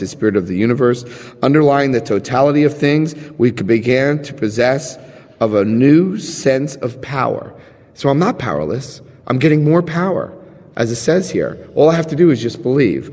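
A man sharing his story and reading aloud at a recovery meeting, retelling conversations with lively emphasis. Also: medium pitch. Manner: animated, retells dialogue with emphasis. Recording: long reverb in a hall.

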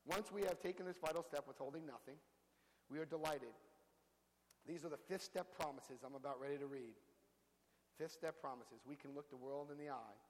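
Man telling his story in a reverberant hall. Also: on the high side. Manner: storytelling, acts out quotes with big voice jumps. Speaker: recovery group speaker. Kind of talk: animated personal talk to a group.

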